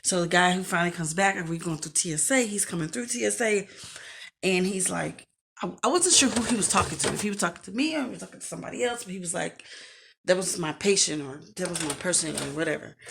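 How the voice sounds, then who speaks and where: A woman, casually telling a storytime, animated and acting out the quotes. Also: lowish voice, quick pace, gravelly, noisy background. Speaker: storyteller vlogger.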